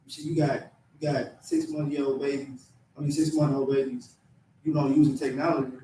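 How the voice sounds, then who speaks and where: A man in a class, reading scripture aloud slowly and commenting in halting speech. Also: medium pitch, flat delivery, warm tone. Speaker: student. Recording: echoey room from far off, faint noise.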